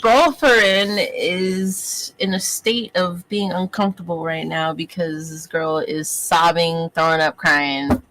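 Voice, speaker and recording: A woman's voice: on the low side, steady tone, takes it slowly, hardly any pauses, fairly bright tone, slight background noise, rough recording. A woman playing in a tabletop game, chatting in a casual, profane, unfiltered way. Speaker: player.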